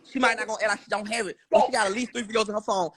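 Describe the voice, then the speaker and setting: A man's voice: high voice, fairly even intonation, very fast, crowd noise. A man, arguing heatedly and insistently on a live stream, swearing oaths and cursing often.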